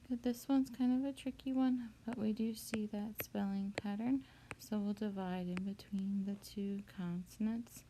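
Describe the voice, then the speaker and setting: A woman teacher walking through a spelling lesson, patient and steady as she breaks words into syllables. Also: medium pitch, moderate pace, a little hiss or hum.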